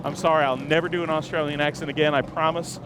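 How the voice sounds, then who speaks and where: A man hosts a live broadcast from an outdoor race-car garage, giving enthusiastic walk-around commentary and chatting with viewers as he films on a handheld camera. His voice is a little high, with a flat delivery and a fast pace. The garage is noisy, with engines running in the background.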